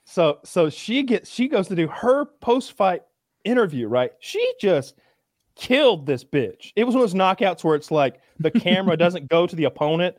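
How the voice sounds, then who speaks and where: A young man chatting casually, telling excited stories, swearing and acting out crowd cheers. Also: high-pitched, normal speed, dry recording, studio quality. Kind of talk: casual chat.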